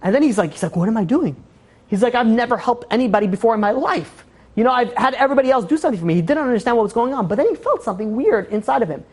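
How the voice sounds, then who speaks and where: A woman's voice: a little high, very fast, breathy edge. A woman telling a moral story in a casual way during a class, acting out the characters' lines as she goes. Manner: animated retelling, acting out quoted lines with "he's like".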